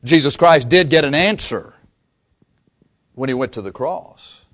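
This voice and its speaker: A man's voice: medium pitch, a little slow, a bit bright. A male preacher giving an impassioned sermon, telling the story and acting out the voices of its figures.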